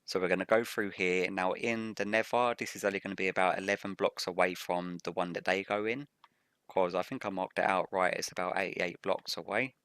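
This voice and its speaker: A man with a low, rough morning voice talks through his gameplay as a video game host. His delivery stays level and even, and he explains each step in a methodical, matter-of-fact way. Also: fairly quick, no room sound. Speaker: Let's Play host. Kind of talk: gameplay commentary.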